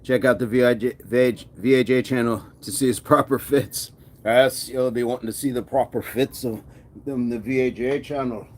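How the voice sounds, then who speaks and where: A man's voice: mid-range voice, fairly even intonation, fairly quick. A man hosting a casual fitness livestream, reading viewer comments aloud between push-ups and laughing often. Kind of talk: casual live-stream chat.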